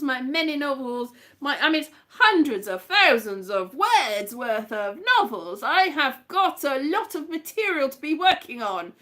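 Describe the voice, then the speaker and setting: A woman from Southeast Wales with a slightly flattened Welsh accent, chatting casually and rambling on a livestream. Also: sits high, normal speed. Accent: Welsh with flattened vowels, a bit West Country. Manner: chatty and rambling, playful asides. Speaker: livestream host. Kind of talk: casual live chat.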